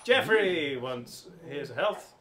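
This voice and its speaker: A man's voice: on the high side, expressive, slow, a bit bright. A man with a British accent, a band member reading donation messages aloud with wry asides. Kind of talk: reading out messages on a live stream.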